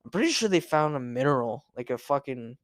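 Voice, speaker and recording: A young man talks through a solo podcast in a loose, rambling way. He swears freely and keeps restarting his sentences. His voice sits at an everyday middle pitch, and the recording is dry and close. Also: sing-song, fairly quick, no echo. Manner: rambling, profane, with many restarts and fillers. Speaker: podcast host. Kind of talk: casual solo podcast rant.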